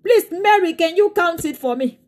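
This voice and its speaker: Very high-voiced impassioned woman preacher. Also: animated, moderate pace. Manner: impassioned, swings into tearful shouting. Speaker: pastor. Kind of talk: sermon.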